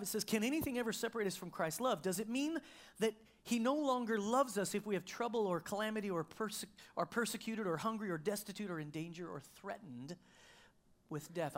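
A middle-aged male pastor preaching a sermon, telling a personal story in a conversational way with frequent restarts. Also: high voice.

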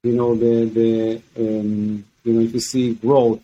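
A man's voice: mid-range voice, little pitch movement, slow, muffled recording. A man hosting a podcast, speaking hesitantly and searching for his words. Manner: hesitant, many fillers and restarts, searching for words. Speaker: podcast host. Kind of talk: casual podcast chat.

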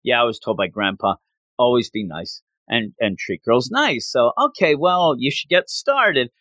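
A man's voice: medium pitch, lively intonation, normal speed, bright, forceful tone, no room sound, clean studio sound, voice pushed down. A man voicing a naive, boastful boy raised in the wild, with an earnest, puzzled manner.

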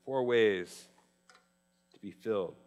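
A male pastor preaching a sermon in a conversational, emphatic way, slowing down on key phrases. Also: lowish voice, a little mellow, in a large hall, highs cut off. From Arizona, US.

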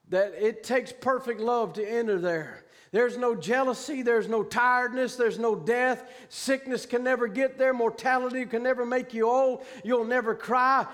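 A man's voice: very high voice, a bit bright, big-room sound. A man preaching a sermon with fervent emphasis and plain vernacular grammar as he recounts a vision.

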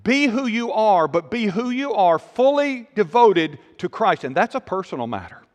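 A man's voice: sits high, very animated, normal speed, long reverb tail. A man preaching a sermon as a pastor, earnest and emphatic, often repeating phrases and restarting his sentences.

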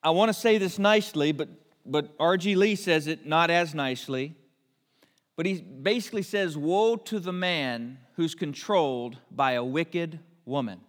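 A man preaching a sermon, telling a Bible story with lively asides and briefly acting out the characters. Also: a little high, measured pace. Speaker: pastor. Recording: long hall reverb.

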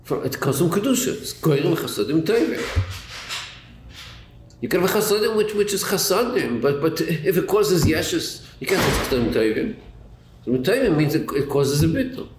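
A man's voice: on the high side, big pitch swings, moderate pace. A man teaching a Chassidus class, asking rhetorical questions and repeating words as he thinks it through. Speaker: Torah teacher. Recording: echoey room with faint noise.

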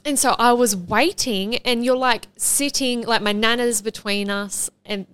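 A woman's voice: a little high, steady tone, unhurried, fairly bright tone, clear, resonant tone, no room sound. Chatty young woman guest. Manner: chatty, reenacts conversations. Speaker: podcast guest. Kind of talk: casual chat.

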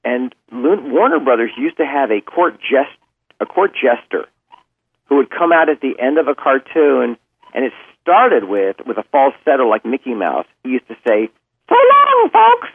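A man, a voice actor, chatting casually as a podcast guest, telling stories in an animated, joking way. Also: medium pitch, normal speed, slightly rough, no room sound. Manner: animated storyteller, joking and self-deprecating. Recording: tinny phone-like remote line.

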